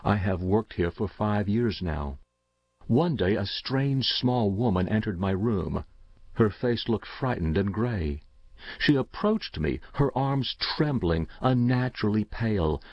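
A man narrating a first-person story in a measured, somber, literary way. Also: fairly low pitch, lively intonation, no room sound. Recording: dull, dry lo-fi recording.

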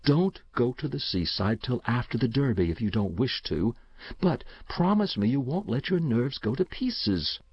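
A man's voice: medium pitch, big pitch swings, moderate pace, husky, no room sound, muffled recording. A man voicing an anxious, weary mother who coaxes and pleads with her son. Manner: anxious, coaxing.

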